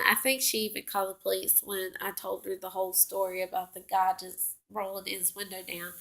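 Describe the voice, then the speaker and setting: A young woman recounts a story from her own life in a slow, unhurried way. She rambles and corrects herself often, with plenty of fillers, at an ordinary middle pitch. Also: a bit bright. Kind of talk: casual personal story.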